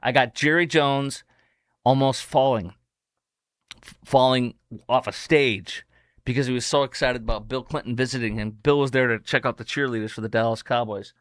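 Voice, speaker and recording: A man's voice: medium pitch, fairly even intonation, normal speed, fairly bright tone, no echo, clean studio sound. A man hosting a podcast, giving combative, sarcastic political commentary in a rambling way. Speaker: podcast host.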